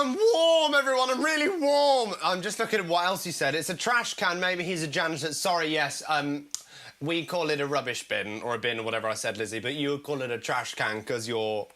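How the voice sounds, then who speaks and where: A man's voice: on the high side, fairly quick, pushed and bright. A British man hosting a live comedy show, chatting and reading out viewer comments in a self-mocking way.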